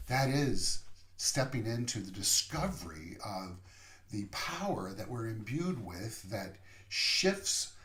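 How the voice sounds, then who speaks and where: A man delivering a sermon as minister, slow and deliberate, sometimes dropping to a soft whisper. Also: fairly low pitch, echoey room. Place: online service over video call.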